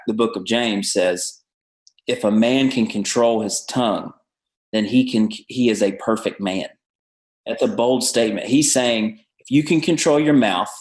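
A pastor with a Southern American accent and a fairly low voice talks through his ideas with an earnest, preaching cadence. He sounds like he is in a room with a noticeable echo around him. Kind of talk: podcast interview. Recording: roomy echo.

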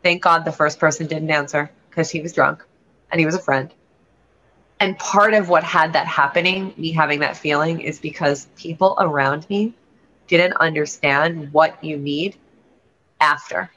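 On a lo-fi, dull-sounding recording, a woman realtor who is a guest on a show shares a candid personal story. She speaks at a moderate pace in a low, fairly bright voice, earnest and rambling with frequent restarts.

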